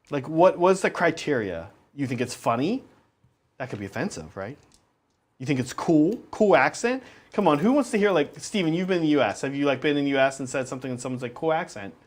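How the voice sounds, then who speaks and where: A man's voice: mid-range voice, lively intonation, fast. A young adult man co-hosting a casual gaming stream. He talks in a rambling, hesitant, self-conscious way, full of restarts. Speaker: stream co-host and wargame player.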